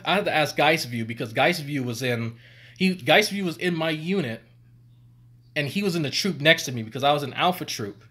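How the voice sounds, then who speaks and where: A former army medic tells stories on a stream, rambling, swearing and laughing as he goes. His voice is mid-range with a fairly bright tone.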